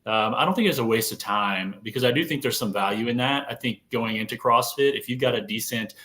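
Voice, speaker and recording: A man hosting a podcast, speaking in a relaxed way and often correcting himself. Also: mid-range voice, fairly quick. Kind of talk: casual podcast chat.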